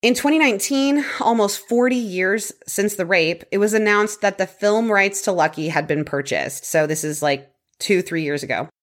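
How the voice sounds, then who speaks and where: A woman's voice: medium pitch, moderate pace, few pauses. A woman co-hosting a podcast, casually telling a true crime story from her notes with fillers and light laughter. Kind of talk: casual chat reading prepared notes.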